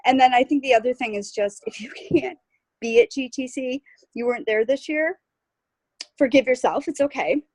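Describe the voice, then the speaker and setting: A woman's voice: sits high, moderate pace, darkish tone, dry recording. A woman sharing her takeaways in a casual group call from home, chatty and upbeat, laughing often. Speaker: team member sharing takeaways. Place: at home on vacation.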